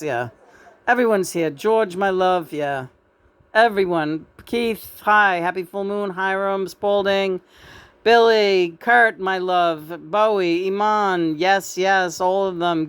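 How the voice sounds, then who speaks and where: A woman's voice: fairly low pitch, fairly bright tone, smooth, no echo. A woman hosting her own channeling video, giggling as she greets one spirit after another in a casual chat.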